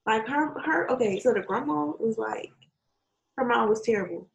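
A woman in casual chat, retelling a story with lively acted-out quotes, swearing and laughing often. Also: a little high, moderate pace, gravelly, muffled recording. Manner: animated storytelling, acts out quotes.

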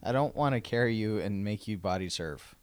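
Man, casual chat, relaxed, low pitch, dry. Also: a little fast, clear, resonant tone, dry recording.

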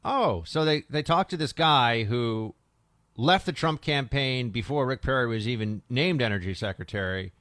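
A male talk radio host with a sarcastic, combative delivery, mocking the press as he reads. His voice sits in a middle pitch and sounds close and dry on a studio microphone. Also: normal speed, fairly bright tone, no echo. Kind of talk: political talk radio commentary.

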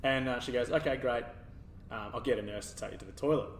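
A man telling a hospital story in casual chat, growing animated and laughing as he goes. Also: medium pitch, fast. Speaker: podcast guest. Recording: roomy, distant, faint background noise.

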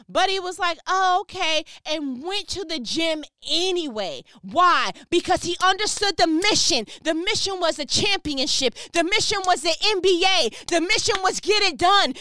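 Her pitch sits extremely high and her tone is sharp as she delivers a motivational sermon over the phone, fervent and emphatic, peppered with slang and repeated questions. The recording is studio quality, with no room sound at all.

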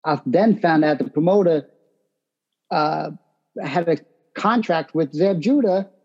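A brash boxer tells his fight stories with lively energy. His voice sits a little high for a man. The audio is muffled and lo-fi. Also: slow. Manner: brash, animated storytelling. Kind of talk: interview answers.

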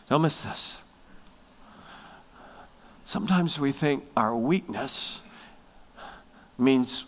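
A man preaching a sermon, emphatic, swinging from loud stressed words down to hushed near-whispers. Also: mid-range voice, expressive, slow pace, long pauses. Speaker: pastor.

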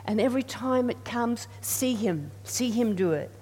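Her fairly high, warm, slightly rough voice is expressive and moves at a normal pace as she preaches. Earnest and repetitive, she repeats phrases and leads the congregation's responses, and the recording carries reverberation from the hall plus a faint hum.

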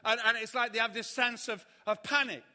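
A man preaching a sermon, telling a funny story and acting out the panic of others in shouts. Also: very high-pitched, steady tone, brisk. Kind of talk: sermon with humorous anecdote. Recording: hall reverb.

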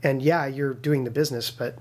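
A man's voice: mid-range voice, brisk, slight background noise. A man, a game studio co-founder, telling a story in a casual interview, acting out quoted voices with many fillers and restarts. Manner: lively storyteller who acts out quoted voices.

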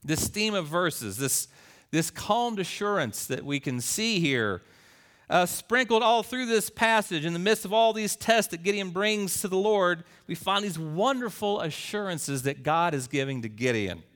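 Guy preaching a sermon, kinda high bright voice, earnest, gets loud and emphatic at points. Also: lively intonation, unhurried. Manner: earnest storytelling, rising to emphatic peaks. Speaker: pastor.

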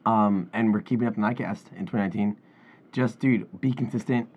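A man's voice: fairly low pitch, fairly quick, breathy edge. A young man co-hosting a casual podcast chat, upbeat, swearing freely and saying "dude" a lot. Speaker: podcast co-host. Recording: dull lo-fi recording.

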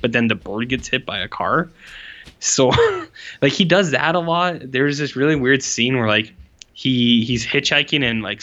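A man's voice: mid-range voice, pushed and bright, lo-fi sound. A young man co-hosting a podcast in casual chat, rambling with lots of fillers and sounding exasperated. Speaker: podcast co-host.

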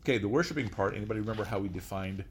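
A man's voice: lowish voice, very fast, a little hiss or hum. A male teacher giving a classroom lecture, explaining step by step, often saying "okay" and quizzing his students with questions.

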